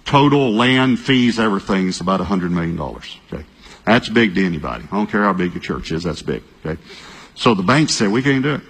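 A male pastor, telling a story in a sermon, talking fast and repeating himself, at times breaking into shouts. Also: low-pitched, breathy edge. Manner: animated storytelling, bursts of shouting and quick repeated phrases. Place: large church hall. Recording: long reverb of a large hall.

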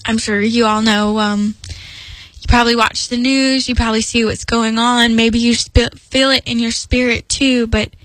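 Earnest woman with a high, dry voice. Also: level tone, unhurried, fairly bright tone, no echo, low-quality recording. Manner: earnest, emphatic, rambling with restarts. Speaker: Christian speaker. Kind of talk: personal devotional talk.

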